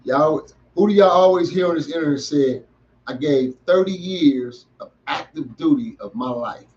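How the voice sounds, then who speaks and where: A man's voice: a little high, normal speed, a little mellow, lo-fi sound. A middle-aged man hosting a podcast, giving an emphatic motivational talk to young listeners in heavy street slang. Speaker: podcast host.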